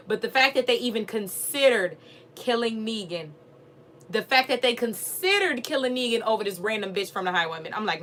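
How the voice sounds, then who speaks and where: Animated woman chatting with viewers. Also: on the high side, brisk, a little hiss or hum. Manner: animated, profane, talks straight to viewers. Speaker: live stream host. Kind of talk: casual live stream chat.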